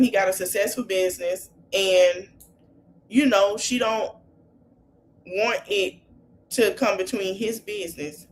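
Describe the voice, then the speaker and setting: A podcast host recaps reality-TV scenes in a casual, chatty, gossipy way, speaking African American Vernacular English. Her voice sits at a medium pitch, with slight background noise behind it.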